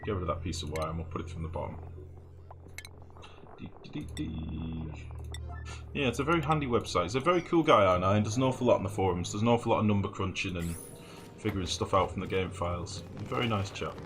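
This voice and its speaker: Talking rapid-fire in a low, animated voice, this man narrates his gameplay informally for a let's play, reasoning aloud, murmuring numbers to himself, and cursing now and then. Game music and other background noise sit under his voice.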